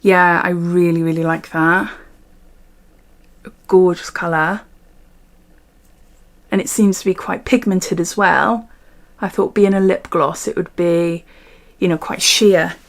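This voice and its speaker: A woman's voice: lowish voice, fairly even intonation, slow, long pauses. A middle-aged British woman chatting casually through a beauty unboxing, recorded on a phone at home, thinking aloud and chuckling often. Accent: British English. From United Kingdom. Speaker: beauty vlogger.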